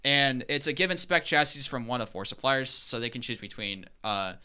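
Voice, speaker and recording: Bright, crisp young man explaining eagerly. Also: medium pitch, lively intonation, normal speed. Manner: eager, rambling explainer with many fillers. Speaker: podcast co-host. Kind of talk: casual explanatory podcast talk.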